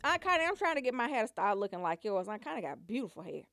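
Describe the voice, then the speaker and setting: A woman's voice: mid-range voice, fast, no echo, clean studio sound. A woman telling a funny family story in a loose, casual way, laughing often and acting out her relatives. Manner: animated, laughs often, acts out family members. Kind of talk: comic storytelling.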